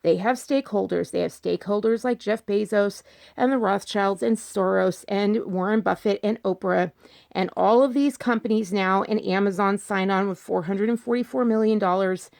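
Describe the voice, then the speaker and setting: A woman vlogger with a gravelly, darkish voice gives casual commentary at a moderate pace. She is insistent, repeats her points, and fires off rhetorical questions, her pitch jumping up when she gets emphatic.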